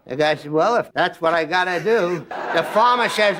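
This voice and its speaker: A comedian telling jokes and stories as a talk show guest, animated and doing voices and sound effects. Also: male voice, high-pitched, normal speed, few pauses. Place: television studio with live audience. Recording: studio audience laughter behind.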